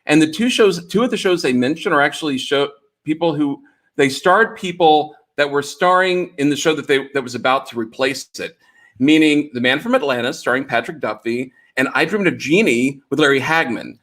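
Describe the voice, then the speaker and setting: A man's voice: fairly high pitch, normal speed, fairly bright tone. A man from Dallas co-hosting a live-streamed chat show, rambling enthusiastically through notes and clips. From Dallas, Texas. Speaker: co-host and producer. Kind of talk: casual livestream chat.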